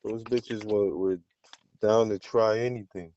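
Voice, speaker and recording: A man's voice: on the low side, fairly even intonation, measured pace, warm tone, muffled recording, a little hiss or hum. Crude, boastful man in podcast banter. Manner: crude, boastful, laughs a lot. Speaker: podcast co-host.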